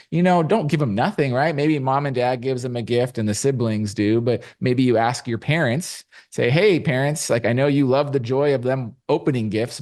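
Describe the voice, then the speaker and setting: A middle-aged man talking as a finance guest in a podcast interview, explaining with rhetorical asides and lively emphasis. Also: mid-range voice. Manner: animated, explanatory, rhetorical "right?". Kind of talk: conversational interview.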